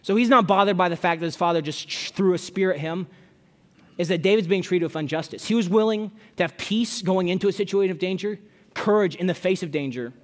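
A man's voice: sits high, fairly quick. Man preaching in a reverberant church. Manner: conversational, repeats words, reads scripture aloud. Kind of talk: expository sermon. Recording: long hall reverb.

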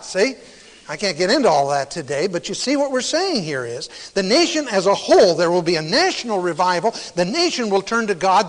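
A man preaching a sermon to a congregation, emphatic, with sudden quiet, near-whispered asides for stress. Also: high voice, long reverb tail, rough recording.

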